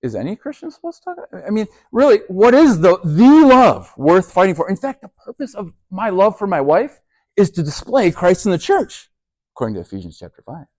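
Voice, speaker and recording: Animated youth pastor teaching, dry sound. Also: male voice, sits high, fairly quick, no echo. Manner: conversational, keeps checking in with rhetorical "okay?"; restarts and repeats words often.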